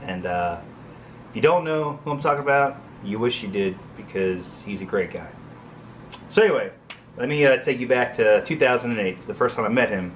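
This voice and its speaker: A man's voice: mid-range voice, lively intonation, moderate pace, a little hiss or hum. A man in his thirties casually telling a long military story, rambling with lots of fillers and jokey asides. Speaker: Air Force crew chief telling a story.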